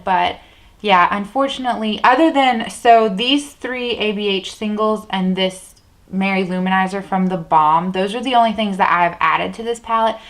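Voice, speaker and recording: Sitting at a table indoors, a woman vlogs about beauty products in a rambling, chatty way full of fillers and restarts. Her medium-pitched voice has a fairly bright tone, though the audio quality is poor, and the talk is casual chat.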